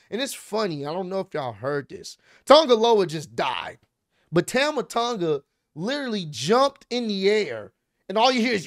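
A fairly high-voiced young man talks through a wrestling match as the host of his own show, getting more and more worked up as he tells it. He swears freely and drops into slang, and his voice sits dry and close with no room around it. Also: measured pace, no echo. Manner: excitable, animated play-by-play with swearing and slang. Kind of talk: casual wrestling recap.

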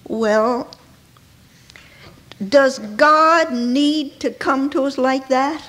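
A woman preacher delivering an emotional sermon in church, dropping to hushed tones and rising to ringing cries. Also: high voice, fairly even intonation, very slow. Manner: dramatic, swinging from hushed near-whispers to ringing cries.

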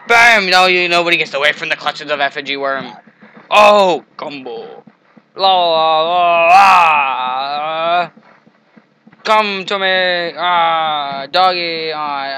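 A man's high, bright voice with a gravelly edge, taking his time between words. He comments on his own gameplay with excitable shouts and playful taunts at the enemies. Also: low-quality recording. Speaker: gamer. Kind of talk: let's play commentary.

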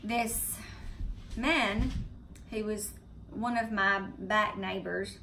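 A middle-aged woman with a Southern US accent telling a story to her viewers in a chatty, animated way. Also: mid-range voice, drawn-out words, vocal fry, a little hiss or hum. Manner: chatty, animated retelling of a scary event. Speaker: vlogger. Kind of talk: casual storytelling to camera. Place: home, indoors.

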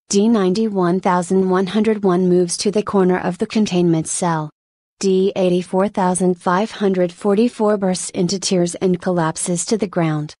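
A woman's voice: lowish voice, steady tone, normal speed, dark tone, dry recording, studio quality. A woman giving a matter-of-fact scripted narration of a report.

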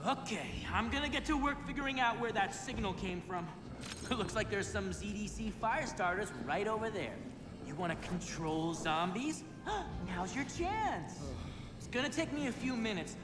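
A wry, bossy game character who teases and gives orders, his high voice swinging up and down with energy. The line sits in a roomy space with a long echo, and loud music plays under it. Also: animated, moderate pace. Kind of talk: video game voice acting.

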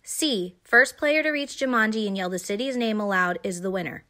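A woman voicing a bossy, excitable young girl in a storybook read-aloud. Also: medium pitch, normal speed, close to an everyday voice. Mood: eager. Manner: eager, commanding.

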